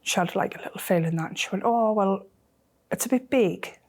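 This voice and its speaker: A middle-aged woman, telling a personal story in an emotional, halting way that often drops to a near whisper. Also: mid-range voice. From North East England. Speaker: interviewee.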